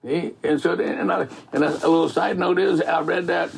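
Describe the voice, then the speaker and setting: A man's voice: fairly high pitch, fairly even intonation, fairly quick, gravelly, slight background noise. A middle-aged man telling faith stories in a rambling, folksy way, full of "man" and "you know". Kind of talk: casual faith storytelling.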